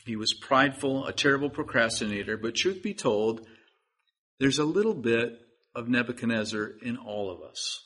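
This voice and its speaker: Pastor guy preaching a sermon, bright voice, a bit husky, pleads with the crowd. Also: mid-range voice. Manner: earnest, pleading, direct to listeners.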